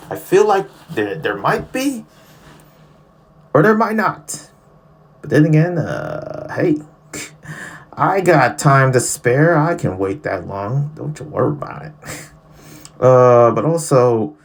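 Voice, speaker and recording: Guy rambling through a show review on a podcast, super animated pitch, keeps slipping into goofy impressions. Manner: chatty and excitable, often breaks into playful impressions.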